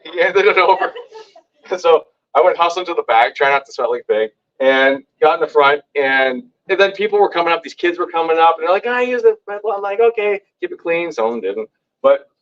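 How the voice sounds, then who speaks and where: A man telling stories to a live audience at a community meeting, lively and acting out what others said. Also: lo-fi sound. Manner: lively, acts out quoted lines with big pitch jumps. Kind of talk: animated storytelling to a live audience. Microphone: hand-held microphone.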